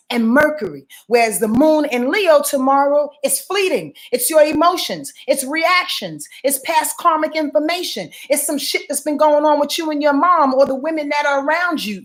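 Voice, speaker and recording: Late-40s New woman, high-pitched, emphatic profane astrologer with a repetitive preacher's cadence. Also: a bit bright. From New York. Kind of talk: casual weekly astrology rundown.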